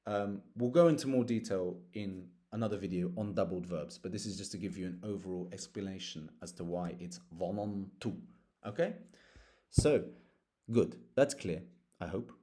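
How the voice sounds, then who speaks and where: A man's voice: sits low, moderate pace, mellow. A man teaching an Arabic grammar lesson, patiently explaining roots and walking through verb conjugations one form at a time. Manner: patient, explanatory, spells out root letters and conjugations.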